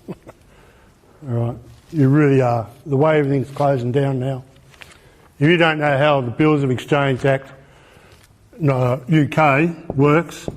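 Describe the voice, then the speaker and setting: A man with an Australian accent giving an informal presentation, emphatic, repeating his points and asking rhetorical questions. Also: mid-range voice. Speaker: speaker.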